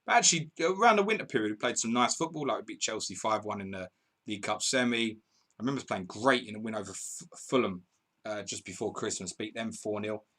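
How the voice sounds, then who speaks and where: A male host runs a live football stream, reading out viewer comments and bantering with them as match updates come in. His voice sits a little low but comes across bright and forceful. He laughs often and keeps it loose and conversational. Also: fairly quick, slightly rough. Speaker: podcast host.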